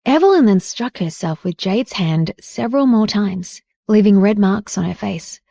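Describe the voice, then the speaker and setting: A woman reading a romance audiobook in steady scripted narration. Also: mid-range voice, normal speed, vocal fry, no room sound, clean studio sound.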